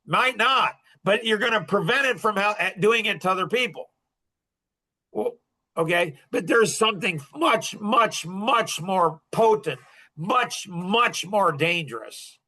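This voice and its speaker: A man with a high, bright, forceful voice lectures a group as their coach. He talks bluntly and with heavy emphasis, scolding his listeners and pushing them hard.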